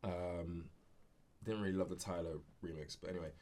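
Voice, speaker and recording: A man's voice: low-pitched, fairly even intonation, brisk, darkish tone. A man co-hosting a podcast in casual chat, giving blunt opinions. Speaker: podcast co-host.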